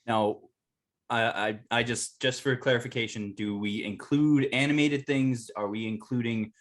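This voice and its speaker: A man's voice: mid-range voice, fairly even intonation, normal speed, a bit bright. A young man co-hosting a podcast, teasing his friends in casual chat. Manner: teasing, mock-formal. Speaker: podcast co-host.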